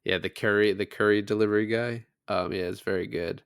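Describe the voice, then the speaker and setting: A man's voice: lowish voice, steady tone, fairly quick, creaky, clean tone, no room sound, studio quality. A man co-hosting a podcast, casually recapping a film and swearing freely as he talks. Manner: loose, swears freely, acts out quotes from the film. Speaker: podcast co-host.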